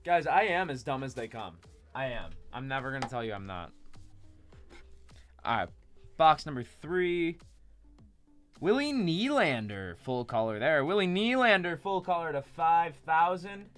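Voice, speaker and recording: A young man calls out names and rips open boxes in a chatty, self-mocking way. His voice swings up and down in a lively, animated way. Soft music plays faintly behind him. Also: on the high side, unhurried, long pauses. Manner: chatty, self-deprecating, jokey asides. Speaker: card break host. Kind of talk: live card break commentary.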